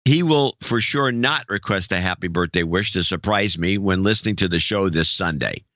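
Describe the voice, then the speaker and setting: A man's voice: low voice, moderate pace, a bit bright, no room sound. A man co-hosting a podcast, reading listener notes aloud with dry, wry asides. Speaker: podcast co-host. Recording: dull lo-fi dry sound.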